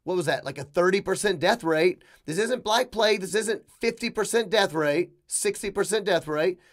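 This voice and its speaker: A middle-aged man hosting a podcast, delivering an opinionated monologue with emphatic bursts, quick asides and mocking quoted voices. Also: high voice. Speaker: podcast host.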